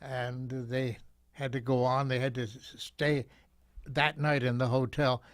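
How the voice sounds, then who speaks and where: Older man telling a gentle story. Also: mid-range voice, flat delivery, no room sound, studio quality. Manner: gentle, reflective, halting with repeats. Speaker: guest.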